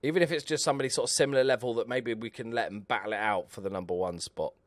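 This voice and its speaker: A man's voice: mid-range voice, racing, dry recording. A man giving casual live commentary over a football management game, chatting away and cheering on his players aloud.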